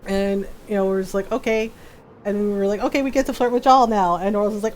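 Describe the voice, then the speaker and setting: A woman streamer chatting casually with viewers, laughing often and acting out quotes in a lively retelling. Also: mid-range voice, a little fast, slight background noise. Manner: giggly, animated retelling with acted-out quotes.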